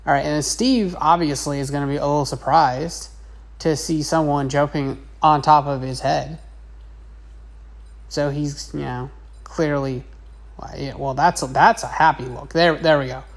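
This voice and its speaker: A woman's voice: deep voice, fairly even intonation, moderate pace. A woman teacher narrating a casual drawing lesson in a chatty, rambling way. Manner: chatty, rambling, with many fillers.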